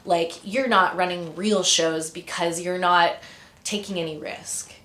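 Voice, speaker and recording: A woman's voice: lowish voice, steady tone, unhurried, bright, forceful tone, reverberant. A woman in her thirties from Canada, chatting as an interview guest, rambling through stories with many fillers and tangents. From Ontario, Canada. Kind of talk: casual interview storytelling.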